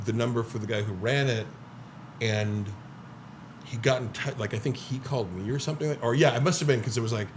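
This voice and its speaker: A man's voice: mid-range voice, brisk. Male podcast guest, mid-range voice, loose filler-heavy storytelling with voiced-out quotes; faint noise underneath. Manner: animated storyteller, filler-heavy, swears often, acts out quotes. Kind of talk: casual chat.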